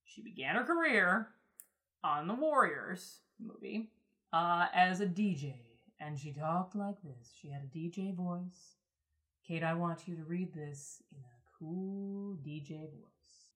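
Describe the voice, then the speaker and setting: A woman hosting a podcast in casual chat, rambling and excitable, with lots of fillers. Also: lowish voice, slow pace. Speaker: podcast host.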